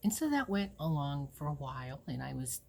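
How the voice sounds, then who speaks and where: A woman in her forties from Ohio, USA hosts her own show, rambling candidly through personal stories, swearing freely, and acting out what people said. Her voice is deep and gravelly, very animated, and a little fast.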